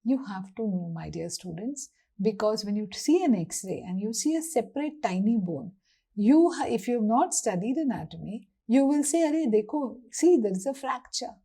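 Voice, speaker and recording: A woman's voice: medium pitch, normal speed, gravelly, husky. A woman with an Indian English accent teaching anatomy, asking questions and answering them herself. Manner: lively, asks and answers her own questions. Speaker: anatomy lecturer. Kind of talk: classroom lecture.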